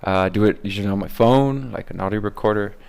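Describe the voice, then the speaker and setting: A man's voice: fairly low pitch, quick pace, creaky, darkish tone, clean tone. A man talking casually about how he makes his voice videos, hesitant with many fillers. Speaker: voice-impression creator. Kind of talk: casual behind-the-scenes commentary.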